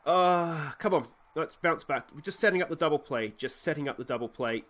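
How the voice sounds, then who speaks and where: A man's voice: a little high, a little fast. Chatty Australian man calling a baseball game. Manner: chatty, rambling, jumps to excited calls on big plays. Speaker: let's play host. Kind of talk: game commentary.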